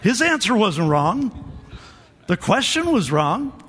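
A man's voice: sits high, big pitch swings, slow pace, fairly bright tone, in a large hall. A man preaching a sermon to a church, calling for amens, repeating phrases and restarting his sentences. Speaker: pastor. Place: church hall.

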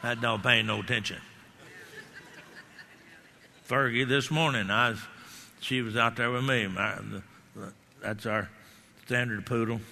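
A man preaching a sermon, telling animated stories and shouting declarations. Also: medium pitch, a little slow, vocal fry, long pauses. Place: church hall. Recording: hall reverb.

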